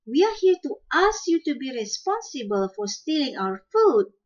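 A woman's voice: high-pitched, sing-song, normal speed, darkish tone, muffled recording, voice pushed up. A woman voicing an indignant male quail father who speaks angrily and squawks, in a storybook reading. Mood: angry. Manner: angry, squawking.

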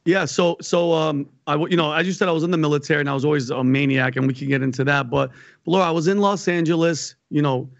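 A male comedian talks in a casual interview, with a notably high voice for a man. He rambles energetically and repeats words as he tells stories. The sound is dry and slightly dull, with a lo-fi quality. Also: steady tone, fast, creaky, dry recording. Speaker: guest comedian.

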